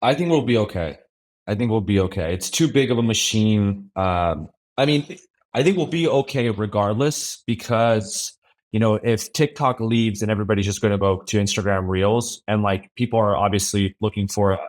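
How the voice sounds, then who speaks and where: Lower-voiced man, podcast guest, easygoing and rambling delivery. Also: moderate pace. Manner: relaxed, rambling, frequent restarts and "like". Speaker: podcast guest, brand creative officer. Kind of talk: casual interview chat.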